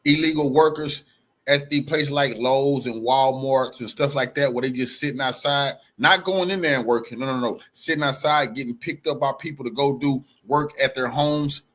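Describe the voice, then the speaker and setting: A man co-hosting a live stream, delivering loud, profane, heated commentary straight at the viewers. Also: medium pitch, animated, normal speed. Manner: loud profane ranting, addresses viewers directly. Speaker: co-host.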